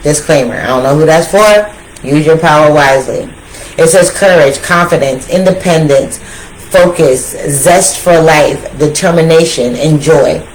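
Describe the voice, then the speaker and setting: A woman giving a casual tarot reading, talking straight to her viewers in an animated, slangy way that repeats phrases for emphasis. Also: low-pitched, measured pace, slight background noise, poor audio. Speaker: tarot reader.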